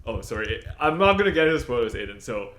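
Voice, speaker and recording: Male podcast co-host, casual and rambling, mid-pitched voice in a reverberant room. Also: big pitch swings, fast, a bit bright. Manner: rambling, heavy on "like" fillers. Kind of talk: casual film review chat. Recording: echoey room.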